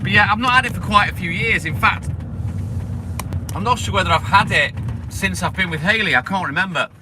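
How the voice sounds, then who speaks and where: A joking milkman talks straight to his viewers, blunt and full of swearing. His voice sits fairly high. Street and vehicle noise comes through clearly behind him. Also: brisk. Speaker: livestreaming milkman. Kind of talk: casual chat with live viewers. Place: outdoors on delivery rounds.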